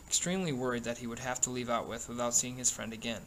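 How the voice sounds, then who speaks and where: A man reading a novel aloud in a steady, even way, with small slips and restarts. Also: mid-range voice, quick pace, slight background noise, poor audio. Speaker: reader.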